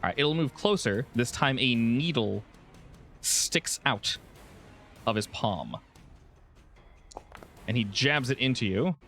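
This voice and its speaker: A man running a tabletop game as game master, narrating in a relaxed way with frequent restarts. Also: mid-range voice, slow pace, long pauses, soft background music.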